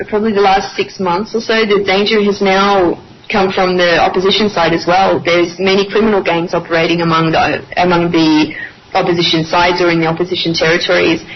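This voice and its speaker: A woman with an Australian accent, a journalist speaking as a radio guest over a video call, hesitant with many restarts. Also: fairly low pitch. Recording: muffled call audio with faint hiss.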